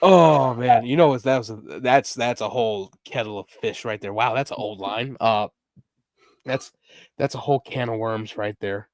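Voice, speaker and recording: A man co-hosting a podcast, telling crude jokes and stories in a loose, animated way, laughing often. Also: mid-range voice, moderate pace, dry recording, clean studio sound. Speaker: podcast co-host. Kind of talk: casual chat.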